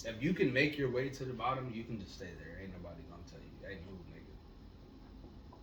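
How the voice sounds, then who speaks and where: A man co-hosting a casual podcast, telling stories in a laid-back, profane way that gets loud when he is excited. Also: medium pitch, very fast. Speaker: podcast co-host. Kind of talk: casual storytelling chat. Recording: echoey room, mic at a distance, noisy.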